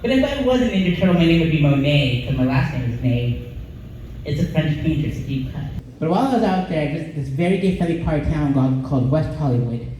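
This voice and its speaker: A male stand-up comedian from Colorado, delivering a deadpan comedy set in a small club. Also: on the high side, slight background noise. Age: 20s or older. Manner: deadpan, sings a parody song at a slow drawn-out pace. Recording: echoey room, voice caught from a distance.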